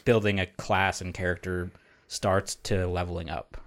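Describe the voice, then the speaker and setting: A man's voice: low-pitched, little pitch movement, normal speed. Profane, rambling podcast co-host man. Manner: rambling, profane, laughs often. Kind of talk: casual chat.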